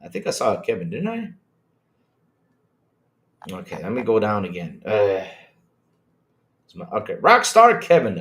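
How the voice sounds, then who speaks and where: A man hosting a casual gaming livestream, rambling in an animated way, reading chat and swearing when he gets worked up. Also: lowish voice, unhurried, pauses often. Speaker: podcast host reading live chat.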